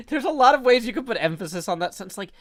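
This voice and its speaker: A man's voice: very high voice, expressive, fast. A man chatting casually on a livestream, rambling a little and laughing at himself. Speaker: streamer and co-host.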